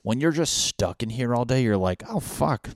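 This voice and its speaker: A man's voice: mid-range voice, lively intonation, fairly quick, no echo, studio quality. A man in a casual comedic rant at home, crude and profane, rambling with lots of fillers. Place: home apartment.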